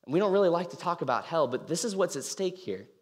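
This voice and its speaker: A man's voice: on the high side, very animated, fast talker. A young man giving an informal sermon, telling the story casually with many fillers and acting out the people he quotes. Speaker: campus ministry speaker. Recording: reverberant hall.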